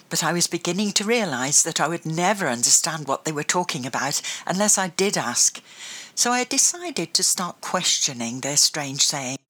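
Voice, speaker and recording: A woman's voice: sits low, pushed and bright. A woman reading a children's adventure storybook aloud, telling it expressively. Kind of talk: storybook narration.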